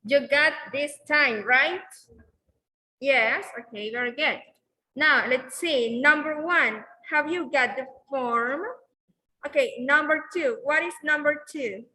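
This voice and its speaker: A woman teaching an English class who explains slowly and keeps repeating okay and very good. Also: high-pitched, sharp tone, poor audio.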